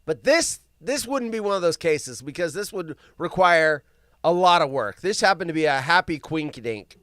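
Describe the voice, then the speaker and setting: A man hosting a live show in casual chat, rambling and often bursting into yelling. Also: fairly high pitch, expressive, normal speed, no echo, studio quality. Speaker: podcast host.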